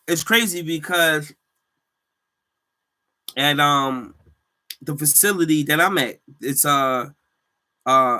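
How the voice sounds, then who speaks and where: A man hosting a casual solo podcast, telling stories in animated slang and laughing often. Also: mid-range voice. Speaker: podcast host; healthcare worker.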